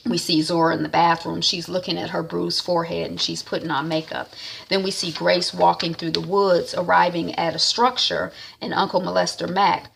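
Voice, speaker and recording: Gravelly-voiced woman rambling through a recap. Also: fairly low pitch, little pitch movement, moderate pace, a bit bright. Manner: rambling, full of "um" and "is like". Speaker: TV recap vlogger. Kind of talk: casual episode recap.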